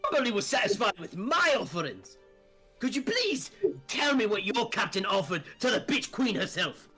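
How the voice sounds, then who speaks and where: A man voicing a grizzled old sea captain who shouts and curses theatrically. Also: high-pitched, very animated, moderate pace, soft background music, voice pushed up, heavily acted. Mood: indignant.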